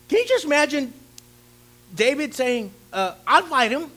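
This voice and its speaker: A male pastor preaching a lively sermon, acting out the story's characters and calling out questions to his congregation. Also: very high voice, normal speed. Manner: theatrical, asks the congregation questions. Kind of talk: animated sermon with acted-out voices.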